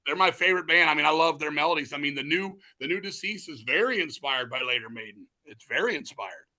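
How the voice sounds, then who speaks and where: A man being interviewed, telling stories in a rambling, excitable, profane way, restarting his sentences often. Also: on the high side, quick pace. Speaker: interview guest, metal musician. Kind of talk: casual storytelling chat.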